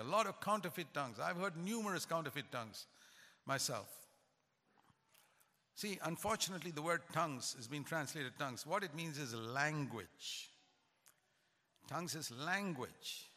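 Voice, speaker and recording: A man's voice: a little high, sharp tone. Older preacher man in a reverberant hall. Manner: emphatic, rising to stress points. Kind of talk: sermon.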